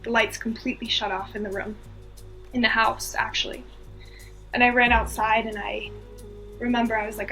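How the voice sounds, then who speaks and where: A woman's voice: on the high side, little pitch movement, moderate pace, long pauses, sharp tone, soft background music. A woman from the US East Coast, a podcast guest, telling a personal story earnestly and with feeling, repeating phrases for emphasis.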